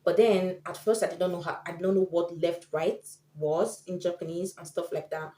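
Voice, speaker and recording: Woman vlogger, casual tips to camera, warm and lowish, lively quoting, echoey room. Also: normal speed. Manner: chatty, acts out quoted people.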